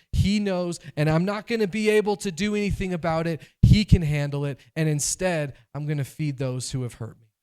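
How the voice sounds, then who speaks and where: A man delivers a sermon from the pulpit in an animated, conversational way. His voice sits a touch higher than most men's, and he acts out quoted voices as he goes. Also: clean tone. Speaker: pastor.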